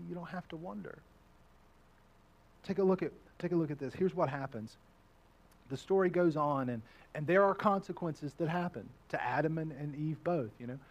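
High-voiced preaching pastor, man. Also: moderate pace, highs cut off, slight background noise. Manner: preaching with rising, repeated questions that build in volume. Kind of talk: sermon.

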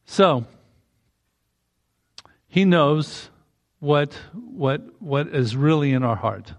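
A man's voice: fairly high pitch, animated, drawn-out words. A man preaching a sermon in a conversational way, breaking into emphatic rising bursts.

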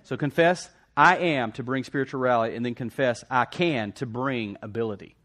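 A man's voice: mid-range voice, normal speed, fairly bright tone. A man preaching a sermon, emphatically repeating declarations and calling for responses from the congregation. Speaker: pastor.

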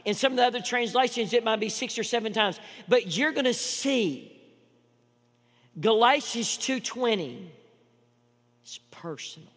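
A man preaching a sermon as pastor, emphatic and full of repetitions, swinging between loud declarations and hushed asides. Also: very high voice, lively intonation, measured pace, pauses often, long reverb tail.

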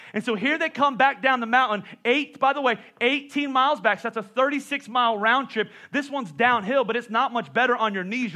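A middle-aged male pastor preaching a sermon, telling stories with lively asides to the congregation. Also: high-pitched. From Pennsylvania. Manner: animated storytelling with asides to the congregation.

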